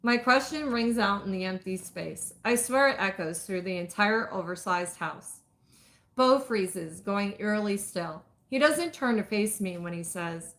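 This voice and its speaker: A woman reading first-person romance narration in an intimate, measured way. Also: medium pitch, animated, a bit bright. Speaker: audiobook reader.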